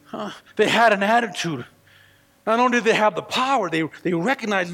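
A man preaching a sermon in a strikingly high voice with a gravelly edge and a sharp, forceful bite. He swings between hushed, low passages and shouted climaxes, stammering and restarting as he builds. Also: expressive, moderate pace, long pauses, faint music behind. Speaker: pastor.

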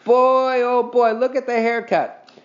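A man's voice: high-pitched, very animated, normal speed, darkish tone, highs cut off, pitched above the performer's own voice. A man reading a storybook, voicing a smug young boy who taunts and jeers. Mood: taunting. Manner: taunting, jeering. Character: teasing boy Scooter, smug and mocking.

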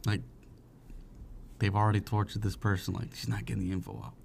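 Jokey young man with a gravelly voice. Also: on the low side, little pitch movement, a little fast, darkish tone, slight background noise. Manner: jokey, evasive, acts out quoted voices. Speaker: podcast co-host. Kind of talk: casual podcast chat.

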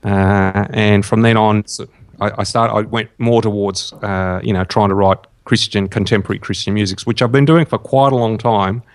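A man's voice: on the low side, fairly even intonation, moderate pace. An older man with an Australian accent, a songwriter guest chatting in an interview, hesitant and full of ums and restarts. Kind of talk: casual interview chat.

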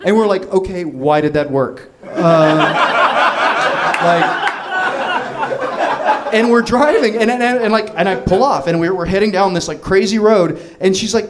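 A man in his thirties telling a long comic story, rambling and excitable, laughing through his words with many restarts. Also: sits high, measured pace, pauses often, noisy background.

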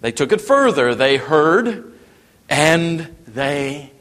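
A man preaching a sermon, dropping to a hush and then rising to emphatic, raised passages. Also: fairly high pitch, big pitch swings, takes it slowly. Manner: wide swings from hushed to emphatic preaching. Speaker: pastor. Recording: long reverb in a hall.

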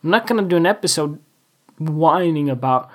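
Animated and brisk, a man with a fairly high voice hosts a casual solo podcast, rambling and joking about his week and often laughing at himself. He records from a room at home with the window open.

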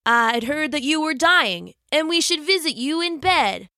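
A woman's voice: high voice, expressive, a little slow, pushed and bright, dry recording, clean studio sound, voice pushed up, heavily acted. A woman voicing a nervous male gazelle who speaks timidly and earnestly in a storybook.

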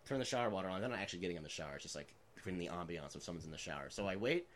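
A man's voice: deep voice, expressive, rapid-fire, a bit bright, slight background noise. A man in his twenties telling prank stories in a casual chat, rambling with lots of filler words and laughing as he goes.

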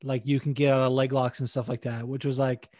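Speaking fairly quickly, this man co-hosts a casual MMA podcast, rambling about fights with plenty of swearing and laughter. His medium-pitched voice has a darkish tone and little pitch movement, and the dry recording is studio quality.

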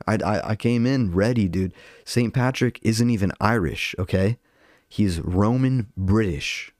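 Fired-up young man ranting, low and dry. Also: measured pace, a little mellow, dry recording. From Albanian heritage. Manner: fired-up, profane, rambling with filler words. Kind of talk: casual rant to camera.

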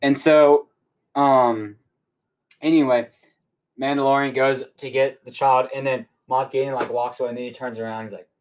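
A man's voice: mid-range voice, fairly even intonation, moderate pace. A young man hosting a podcast, giving a rambling, casual recap of a show episode, full of "like" fillers. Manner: rambling, heavy use of "like" fillers. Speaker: podcast host.

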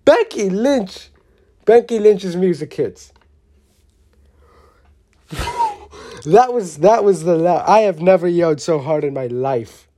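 A vlogger giving a casual, opinionated wrestling show review, rambling and excitable, often restarting sentences and swearing mildly. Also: medium pitch, a little slow. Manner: blunt, with mild swearing.

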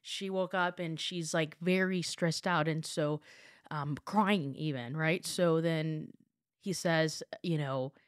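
A woman's voice: sits low, steady tone, slow, no room sound, studio quality. A woman hosting a casual conversation, retelling a story and quoting what people said. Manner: chatty, retells anecdotes with quoted dialogue.

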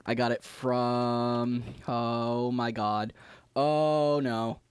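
A podcast co-host reacting with quick jokes and crude quips in casual chat. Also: mid-range voice, little pitch movement, clean tone, dry recording.

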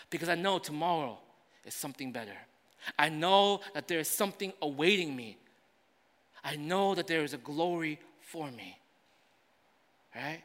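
Bright-voiced pastor preaching in a hall. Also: male voice, on the high side, expressive, moderate pace, pauses often. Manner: swings between loud preaching and quiet, conversational asides. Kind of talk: sermon.

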